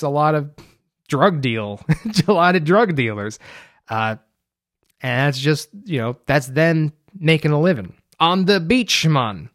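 A young American man hosts a podcast by himself, rambling in a loose, chatty solo monologue with frequent fillers. His mid-range voice is captured dry, with clean studio sound.

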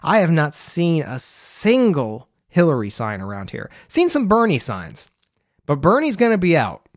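A man's voice: on the high side, wildly swooping pitch, a little slow, dry recording, clean studio sound. A young man from the United States, hosting a podcast alone and rambling casually with lots of fillers. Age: young adult. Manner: rambling, loose and chatty with frequent fillers. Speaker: podcast host. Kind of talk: casual solo monologue.

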